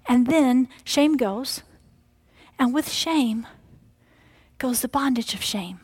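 A middle-aged woman preaching a sermon in a high, bright register. She swings between hushed whispers and loud, emphatic cries, acting out the devil's taunts and God's answers. The sound is dry and close, with little room around it. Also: takes it slowly, husky, no echo.

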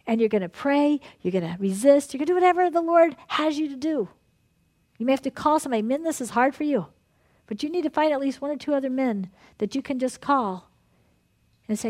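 Woman pastor preaching, chatty and laughing a lot, goes soft when she prays, kinda high voice. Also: fairly quick. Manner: lively, laughing often, conversational preaching; drops to a soft, hushed tone in prayer. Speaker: pastor leading a ministry night. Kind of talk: sermon and guided prayer.

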